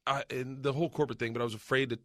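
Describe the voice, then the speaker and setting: A man in his forties hosting a casual comedy podcast, an animated storyteller who shouts and laughs at punchlines. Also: medium pitch, rapid-fire, dry recording, studio quality. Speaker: podcast host.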